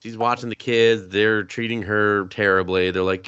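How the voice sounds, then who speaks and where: A woman's voice: a bass voice, steady tone, a bit bright, clear, resonant tone, lo-fi sound. Profane, sarcastic woman podcast co-host. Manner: profane, sarcastic, acts out characters in quick voices. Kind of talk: casual movie recap chat.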